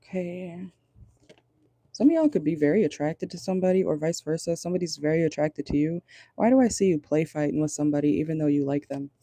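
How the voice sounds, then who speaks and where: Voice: mid-range voice, fast, mellow, no room sound. A tarot reader giving a casual channeled reading from a car, talking bluntly, swearing and laughing often. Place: parked car.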